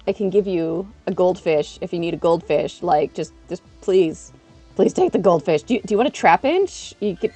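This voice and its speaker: A woman live streaming in casual chat, chatty and excitable, eating while she talks. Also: medium pitch.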